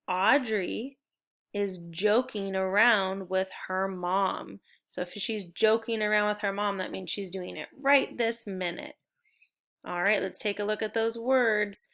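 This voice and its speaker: A woman teacher leading a spelling lesson for young children, upbeat and encouraging as she gives clear step-by-step directions. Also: mid-range voice, bright, forceful tone.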